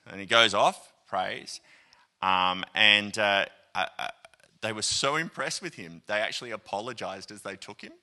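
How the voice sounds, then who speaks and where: An Australian man preaching a sermon, telling a story with lively asides, acted-out quotes and plenty of ums and uhs. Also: lowish voice, normal speed. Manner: animated, acts out quoted voices, many fillers. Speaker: pastor. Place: church auditorium.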